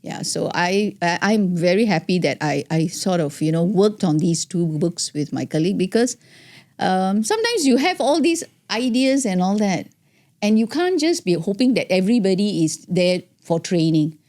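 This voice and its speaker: A woman's voice: medium pitch, expressive, moderate pace, darkish tone. A middle-aged woman, a guest on an interview show, chatting casually and animatedly, acting out examples and laughing often. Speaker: guest, founder of a speaking academy.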